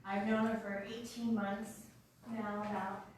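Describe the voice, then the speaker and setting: A woman's voice: medium pitch, little pitch movement, unhurried, a little hiss or hum. A woman company owner giving an earnest, sincere public tribute to a team member. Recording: echoey hall, voice from far off.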